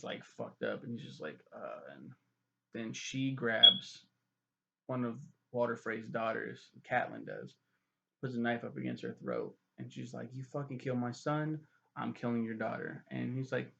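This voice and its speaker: A young man reviews a TV show in a loose, profane, animated way, acting out the scenes as he goes. His voice sits at a middle pitch with a heavy gravelly rasp. The recording sounds dull and lo-fi. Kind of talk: casual spoken review.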